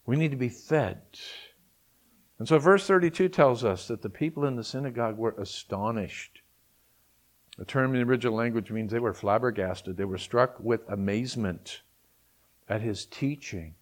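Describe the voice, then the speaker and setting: A man's voice: mid-range voice, moderate pace. Emphatic preaching man. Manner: emphatic preaching with rhetorical questions. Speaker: pastor. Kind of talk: sermon.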